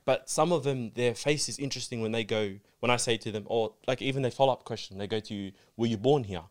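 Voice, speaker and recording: A man hosting a podcast, telling stories in relaxed casual chat. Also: medium pitch, quick pace. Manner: relaxed storyteller, agreeing often.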